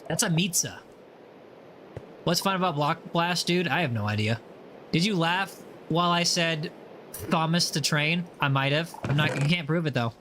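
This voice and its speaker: A man hosting a relaxed gaming livestream, chatting casually and teasing viewers as he reads their messages aloud. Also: a little high, moderate pace, a little hiss or hum. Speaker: livestream host. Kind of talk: casual chat while gaming.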